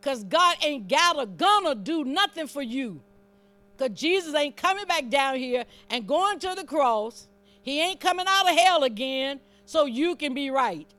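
A woman with a high voice delivers a sermon. She preaches in a fervent, conversational way, teasing the congregation between lines and building up her emphasis as she reads scripture. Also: expressive, measured pace, bright, forceful tone.

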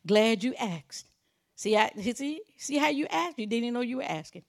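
A woman preaching a sermon in an emphatic, conversational way, moving between loud declarations and quiet asides. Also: a little high, animated, normal speed. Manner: chuckles while preaching, conversational.

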